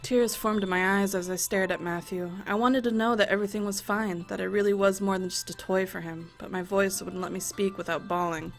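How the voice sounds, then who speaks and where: A woman's voice: medium pitch, fairly quick, hardly any pauses. A young woman playing a visual novel, reading the story aloud and cutting in with profane, joking commentary. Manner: expressive, profane, jokey asides. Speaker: let's play host. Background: faint music.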